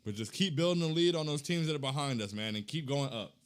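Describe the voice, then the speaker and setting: A young man hosting a casual postgame chat, reading fan comments in a hyped, slangy way that swings between loud chanting and low muttering. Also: lively intonation, fast talker, clean tone.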